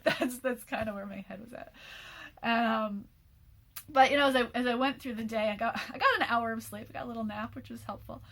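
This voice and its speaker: Speaking fairly quickly in a high-leaning, fairly bright voice, a female program host in her forties rambles candidly through a personal message after a sleepless night. She restarts frequently, and light laughter often interrupts her sentences.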